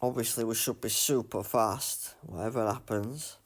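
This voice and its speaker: A man streaming a racing game live, muttering commentary to himself and breaking into loud self-mocking outbursts. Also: medium pitch, fairly even intonation, moderate pace. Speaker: gaming streamer.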